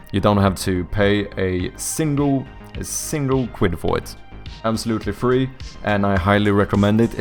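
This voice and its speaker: A man from Sweden with a Swedish accent and British-leaning English, streaming live and chatting casually with his viewers, rambling and joking as he corrects himself. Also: on the low side. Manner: rambling, self-correcting, jokey. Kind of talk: casual live-stream chat reading chat aloud.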